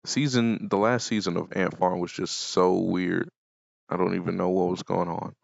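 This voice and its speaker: A young man chatting casually as a vlogger, rambling in an offhand way with deadpan asides. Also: sits low, normal speed, gravelly, no echo. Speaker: YouTuber. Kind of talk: casual commentary vlog. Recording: dull lo-fi mic.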